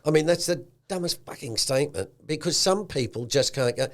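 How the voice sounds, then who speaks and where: A man with an Australian accent hosting a casual podcast chat in an animated way, slipping into slangy bits of speech. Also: a little high, fairly quick. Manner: animated, acts out quotes with a slangy tone. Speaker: podcast host.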